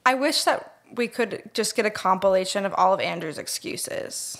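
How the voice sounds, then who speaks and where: A woman co-hosting a podcast in casual chat, curious and quick to react with questions. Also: medium pitch, lively intonation, fairly bright tone. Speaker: podcast co-host.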